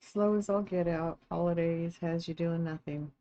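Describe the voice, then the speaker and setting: A woman's voice: on the low side, fairly even intonation, normal speed, muffled recording. A woman chatting casually with viewers on a live stream while crafting, thanking them and reading chat. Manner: chatty, thanks viewers warmly, gets emotional and teary. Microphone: streaming setup, not phone.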